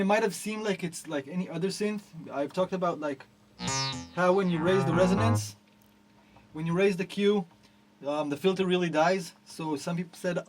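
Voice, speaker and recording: A man giving a ranting product review. He talks loosely with many fillers and restarts, and he swings between low mutters and profane, exasperated outbursts. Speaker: gear reviewer.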